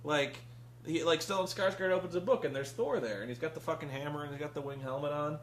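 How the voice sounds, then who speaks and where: A man's voice: fairly high pitch, quick pace, slight background noise. A man reviewing a film in casual chat, rambling and profane, often acting out characters' lines. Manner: rambling, profane, acts out quotes.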